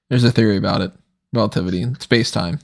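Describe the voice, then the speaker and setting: A man's voice: fairly low pitch, steady tone, fast talker, gravelly. A man hosting a podcast, talking in a rambling, casual way and laughing often, tired late at night. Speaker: podcast host. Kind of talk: casual commentary chat.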